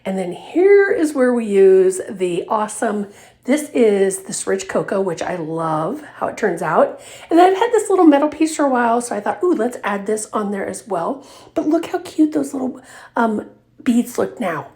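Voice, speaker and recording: A woman's voice: on the high side, big pitch swings, moderate pace, warm tone. A woman hosting a craft tutorial, chatty and upbeat, talking viewers through each step with fillers and little laughs. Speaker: craft video host. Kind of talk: casual craft tutorial narration.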